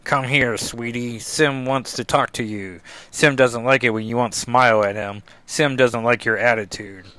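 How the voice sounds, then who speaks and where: A man's voice: medium pitch, steady tone, moderate pace, few pauses, pushed and bright, clear, resonant tone, no echo, natural voice. A man plainly reading the lines of a cruel, creepy male demon. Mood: menacing.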